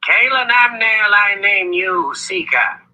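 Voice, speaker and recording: A man's voice: sits high, animated, a little slow, sharp tone, dull audio, pitched above the performer's own voice, exaggerated voice. A man playing an impish old wizard. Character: impish old male wizard, sly and mentoring.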